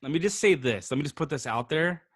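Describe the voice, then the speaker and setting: A young man co-hosting a podcast, telling an animated, teasing story with lots of swearing. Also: on the high side, fast, a little hiss or hum. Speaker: podcast co-host. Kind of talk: casual chat.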